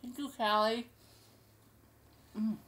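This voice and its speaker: Excitable woman chatting while eating. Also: on the high side, slow. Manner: excitable, gushing and rambling. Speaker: cooking show host. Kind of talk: casual chat to camera.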